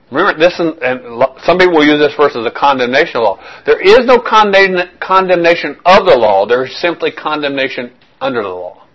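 A man's voice: on the high side, animated, fairly quick, few pauses, a bit bright, poor audio. A man preaching a verse-by-verse sermon in a conversational way, often checking in with his listeners and repeating phrases as he works through a point. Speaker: pastor.

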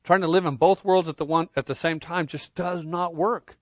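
A man preaching a sermon, earnest, swinging between loud emphasis and quiet intensity, often repeating words as he starts a phrase. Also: fairly high pitch, fairly even intonation, moderate pace, no echo. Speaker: pastor.

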